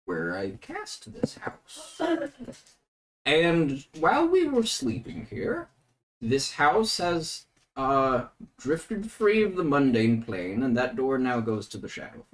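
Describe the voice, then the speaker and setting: Guy at a tabletop game, talks slow but his voice goes all over the place, kinda playful. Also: mid-range voice. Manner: explains slowly, playful and reassuring. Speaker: player. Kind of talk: casual tabletop play.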